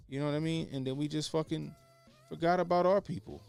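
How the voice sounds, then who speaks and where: Gravelly, blunt-talking man. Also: fairly high pitch, fairly quick, darkish tone, faint music behind. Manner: blunt, profane, repeats points for emphasis. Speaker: podcast co-host. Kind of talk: casual opinionated commentary.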